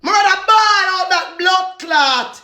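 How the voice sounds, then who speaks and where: A Jamaican woman in a loud, repetitive, cursing rant, laughing between insults. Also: very high-pitched, unhurried, reverberant.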